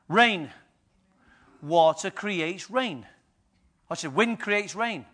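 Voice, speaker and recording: A man pastor preaching a sermon, firing rhetorical questions at the congregation and swinging between quiet and loud. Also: sits high, animated, drawn-out words, long pauses.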